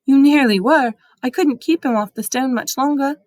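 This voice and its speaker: A woman voicing a brave young wizard boy who speaks urgently and loudly, in a dry storybook reading. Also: high-pitched, moderate pace, no echo, voice pushed up, close to an everyday voice. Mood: earnest. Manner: urgent, shouting.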